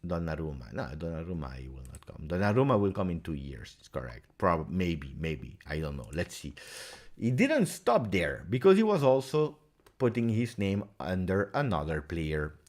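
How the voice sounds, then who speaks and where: Brief: male stream host, low voice with a lively, swinging delivery, chatty Q&A. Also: normal speed. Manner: chatty, animated, talks straight to viewers. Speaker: football fan channel host. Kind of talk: livestream Q&A chat.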